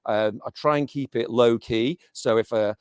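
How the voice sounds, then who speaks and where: A middle-aged man talks casually in an interview, stopping and restarting his sentences often. His voice sits at an ordinary pitch. The sound is dry and close, with no room echo. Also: normal speed, clear, resonant tone. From England. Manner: hesitant, many restarts and fillers. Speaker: interviewee, teacher.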